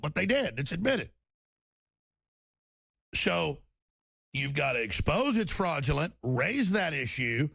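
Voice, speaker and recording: A middle-aged male talk radio host from Texas holds forth in a heated, rambling monologue, his voice swinging up and down as he restarts his sentences. He has a heavily gravelly, fried tone with a husky edge. The studio mic sounds close and dry. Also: a little high, a bit bright, no room sound. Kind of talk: impassioned political talk monologue.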